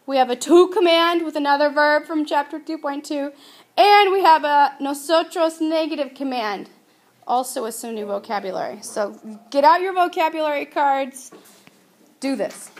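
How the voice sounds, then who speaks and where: Female teacher with a high voice, casual and patient in a classroom lesson. She stretches her example words out. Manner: chatty, patient explaining, drawing out example words slowly. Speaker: Spanish teacher. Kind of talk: recorded classroom grammar lesson.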